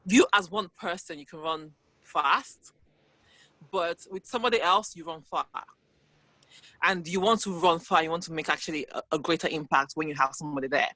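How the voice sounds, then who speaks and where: Woman, bright tense voice, dry close sound, earnest, filler-heavy, video call panel. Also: sits low, moderate pace, dry recording, poor audio. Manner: earnest, hedging with frequent "like".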